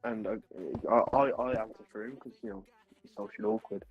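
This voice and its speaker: Young guy rambling a story, mid pitch, noisy mic hiss behind. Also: sing-song, quick pace, creaky, muffled recording. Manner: rambling anecdote with many restarts and laughs. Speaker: streamer chatting with friends. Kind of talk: casual chat while gaming.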